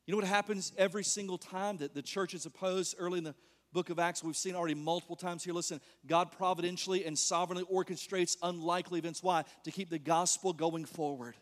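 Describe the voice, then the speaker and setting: A man preaching an animated sermon as pastor, joking and asking the congregation questions. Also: high-pitched, fast. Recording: long reverb of a large hall.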